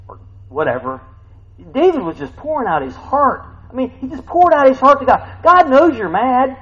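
A man preaching a sermon in a conversational way, often asking "right?" and "huh?", jumping from loud exclaims to quiet asides. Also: mid-range voice, muffled recording.

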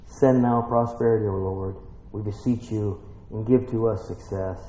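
A man preaching a folksy Bible-teaching sermon, swinging between quiet musing and excited exclaiming. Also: fairly low pitch, moderate pace. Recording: echoey room, muffled lo-fi sound.

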